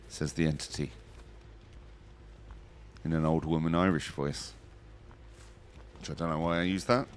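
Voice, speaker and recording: A man giving live commentary on a competitive online match, chatty and jokey, breaking into excited high exclamations. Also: unhurried, long pauses, a little hiss or hum. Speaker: esports commentator.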